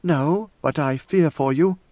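A man's voice: fairly high pitch, unhurried, no room sound, lightly acted. A man reading an audiobook and voicing a devoted, fearful young woman who speaks faintly and hesitantly. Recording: dull lo-fi dry recording.

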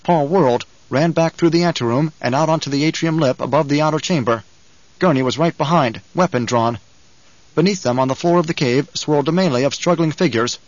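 A man's voice: a little high, a little fast, no echo, dull audio. Man narrating an audiobook, dry and close. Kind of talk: scripted narration.

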